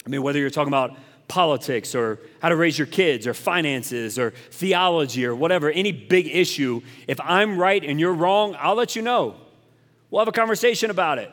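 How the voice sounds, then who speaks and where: A man's voice: fairly high pitch, fairly bright tone. A male pastor giving a conversational sermon, candid and self-deprecating, repeating phrases for emphasis. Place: church. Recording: echoey hall reverb.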